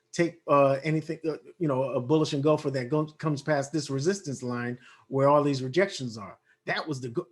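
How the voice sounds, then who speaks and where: A man with a fairly high voice talks through trading charts, thinking aloud as he goes. He stumbles through fillers and restarts and addresses viewers directly. His voice sounds a little worn, as if he is losing it. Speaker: forex trading analyst. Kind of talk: casual chart walkthrough.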